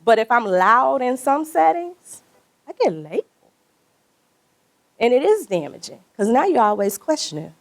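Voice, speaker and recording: A woman's voice: on the high side, moderate pace, pauses often. A woman from Mississippi presenting an interactive workshop in a conference breakout room, telling stories and laughing with the group. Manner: animated, laughing, storytelling.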